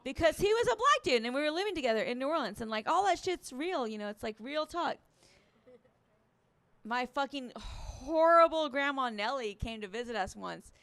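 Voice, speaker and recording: A woman's voice: high voice, animated, normal speed, fairly bright tone, no room sound. A woman from Alabama, doing a rambling, profane stand-up set. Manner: rambling, profane, self-mocking. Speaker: stand-up comedian. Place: resort stage, in front of a live audience.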